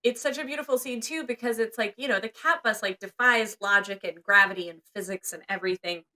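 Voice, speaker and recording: A woman's voice: mid-range voice, brisk, sharp tone. A young woman co-hosting a podcast, chatting casually and animatedly about a movie, acting out characters' lines. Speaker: podcast co-host.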